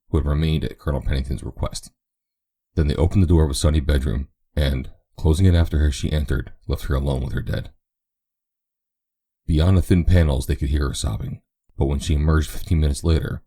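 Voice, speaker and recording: A man narrating a novel as an audiobook in a steady, even reading. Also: rumbling low, breathy edge. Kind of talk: scripted narration.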